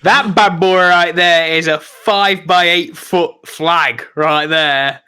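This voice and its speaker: A man's voice: fairly high pitch, fairly even intonation, slow pace, pushed and bright, clean tone. A British man joking around as a co-host on a casual podcast. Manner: playful, joking.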